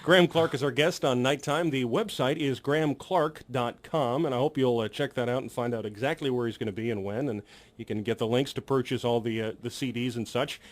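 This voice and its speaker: A man hosting a radio interview in a studio. He gives brisk, announcer-style plugs and short acknowledgements. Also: mid-range voice. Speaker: radio host.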